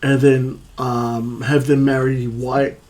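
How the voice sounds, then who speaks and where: A man's voice: mid-range voice, flat delivery, slow pace, a little mellow. An Australian man co-hosting a podcast, talking casually in a rambling way with many hesitations. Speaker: podcast co-host. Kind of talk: casual chat.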